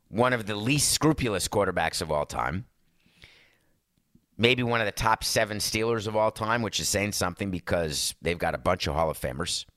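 A man's voice: fairly low pitch, pushed and bright, dry recording, clean studio sound. A man hosting a podcast in casual chat, rambling and sarcastic as he reviews a movie and talks to his listeners as folks. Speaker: podcast host.

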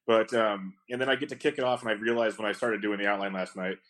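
Male podcast host, lowish voice, easygoing and quick, chatty. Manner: relaxed, quick, rambling talk. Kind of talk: casual chat.

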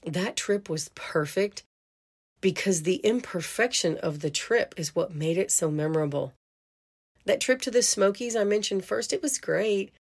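A woman's voice: mid-range voice, animated, a little slow. A middle-aged woman hosting a podcast who tells a family story in a chatty, casual way, laughing often and saying "you know". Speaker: podcast host.

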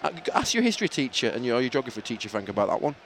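Fella nattering at the match, bouncy voice, bit of outdoor noise. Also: male voice, medium pitch, very animated, very fast, a bit bright. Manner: chatty, laughs often, rambling asides. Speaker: co-host of fan podcast. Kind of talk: casual football banter.

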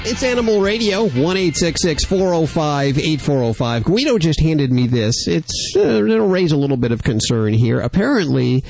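A man's voice: fairly high pitch, very animated, moderate pace, vocal fry, few pauses, darkish tone, faint music behind. A man hosting a pet radio show, teasing and jokey with guests and callers. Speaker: radio host. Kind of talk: casual radio chat.

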